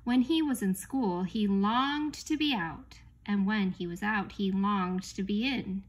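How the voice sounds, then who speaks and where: Woman narrator, storybook reading, steady mid-range voice, expressive and unhurried. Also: medium pitch. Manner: unhurried, expressive read-aloud pacing. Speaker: audiobook reader.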